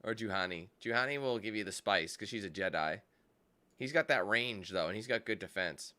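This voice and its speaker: A man's voice: lowish voice, fairly quick, bright, forceful tone. A man giving casual gameplay commentary with rambling, joking asides. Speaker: gaming streamer.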